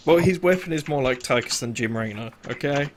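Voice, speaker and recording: Casting: male game master, mid-pitched, loose conversational narration with ums. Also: animated, background noise. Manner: casual, filler-heavy narration with quick voiced asides.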